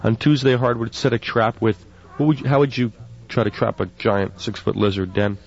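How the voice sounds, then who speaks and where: A man's voice: on the low side, steady tone, moderate pace, vocal fry. A man hosting a radio show, chatting casually and reading odd news items with a wry, offhand manner, on a dull lo-fi broadcast. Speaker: radio DJ host.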